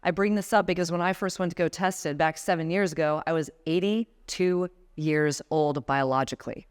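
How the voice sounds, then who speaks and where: Low-pitched and resonant, her clear voice keeps a fairly even intonation at a moderate pace. She's a guest speaker in her forties giving a motivational conference talk, speaking straight to the seated audience and walking them through breathing exercises.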